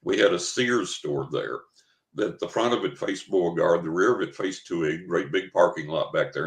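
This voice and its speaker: Deep-voiced older man telling a story. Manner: vivid, dramatic storyteller who acts out his own thoughts. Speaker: guest. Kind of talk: storytelling interview. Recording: roomy, echoey recording.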